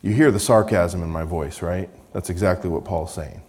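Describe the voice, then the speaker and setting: A man's voice: low voice, moderate pace, a little mellow. A man preaching a sermon, reading scripture with rising emphasis and touches of dry sarcasm.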